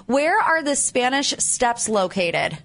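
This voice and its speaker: A woman co-hosting a radio morning show, running a quiz game in a quick, upbeat way and laughing easily. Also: high voice, big pitch swings, very noisy. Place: radio studio. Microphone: studio mic.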